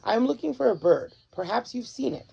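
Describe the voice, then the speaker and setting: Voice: mid-range voice, expressive, fairly quick, creaky, dark tone, breathy edge, dull audio, voice pushed up, heavily acted. A reader voicing a cheerful, earnest male talking dog who speaks in a literal, formal way. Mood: eager. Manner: literal, eager, formal speech.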